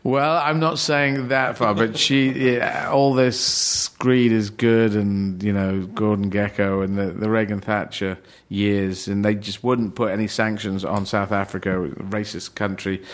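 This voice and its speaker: A middle-aged man born in Yemen, a comedian chatting on a podcast, rambling and playful, slipping into quick mock voices. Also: lowish voice, steady tone. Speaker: comedian guest. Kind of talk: casual podcast chat.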